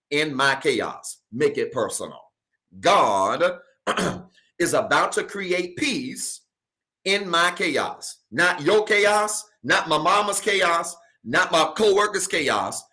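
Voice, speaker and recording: Man, pastor, sermon, bright voice, call-and-response, hollering. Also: medium pitch. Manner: preaching with call-and-response questions, building to shouts. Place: church stage.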